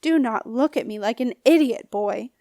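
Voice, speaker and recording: A woman's voice: on the high side, normal speed, dry recording, studio quality, close to an everyday voice. A woman reading an audiobook, voicing a scornful, menacing old male ghost with a snappish, growling manner. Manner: sneering, bullying.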